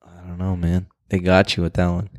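A man's voice: deep voice, completely flat delivery, a little fast, dry recording, studio quality. A man co-hosting a podcast in a laid-back, joking way, laughing often and teasing his co-host. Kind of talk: casual chat.

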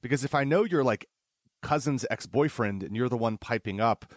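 A man's voice: mid-range voice, brisk, dry recording, studio quality. A male physician on a panel, speaking in an earnest, reflective way. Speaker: emergency physician. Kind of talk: casual panel discussion.

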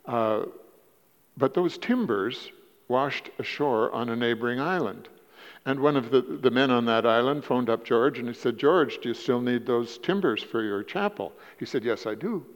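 A man preaching a sermon in a church, telling stories in a halting way, repeating words and rising in pitch for emphasis. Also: animated. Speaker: guest preacher. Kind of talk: sermon with storytelling. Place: church sanctuary. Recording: dull lo-fi church recording with long reverb.

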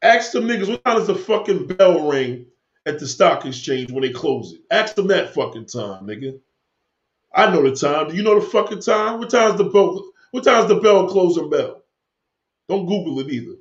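Guy going off on a swearing rant to his stream, high-pitched, roomy muffled audio. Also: very animated, normal speed. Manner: heated, swearing, rambling. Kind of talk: profane rant to stream viewers. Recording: echoey room, dull lo-fi sound.

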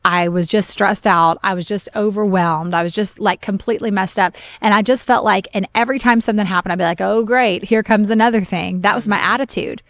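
A middle-aged woman pastor co-hosting a podcast, telling a personal story with lively, animated retellings of her own complaints. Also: medium pitch, fairly quick, hardly any pauses, no room sound. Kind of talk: casual podcast talk, testimony.

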